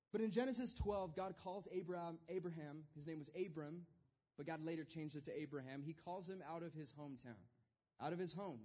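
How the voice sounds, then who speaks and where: A man's voice: fairly high pitch, darkish tone, muffled recording. A man preaching a sermon as pastor, in a loose conversational style with self-deprecating humor.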